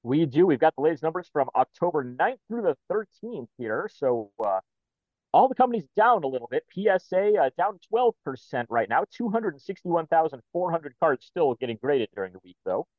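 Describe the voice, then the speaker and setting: A man co-hosting a podcast, calmly reading out numbers in casual chat. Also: a little high, moderate pace, no echo, dull audio. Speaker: podcast co-host.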